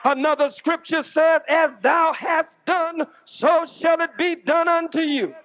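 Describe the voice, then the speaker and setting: Male minister, high-pitched, fierce preacher cadence, muffled old tape. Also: steady tone. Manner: preaching with dramatic pauses and shouted outbursts. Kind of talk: fiery sermon-style speech. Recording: dull lo-fi archive recording.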